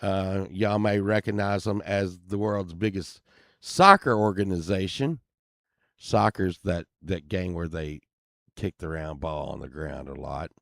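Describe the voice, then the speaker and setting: A man's voice: deep voice, unhurried, vocal fry, a bit bright, no echo, studio quality. A man streaming, telling casual, rambling, profane stories full of fillers and restarts.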